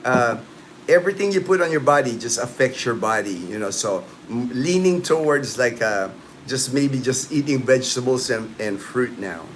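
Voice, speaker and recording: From his home in the Philippines, a livestream host in his late fifties rambles through a casual chat, answering viewers' comments with plenty of "you know" and "man." His mid-range voice has lively intonation and a moderate pace, and the recording carries a little hiss or hum.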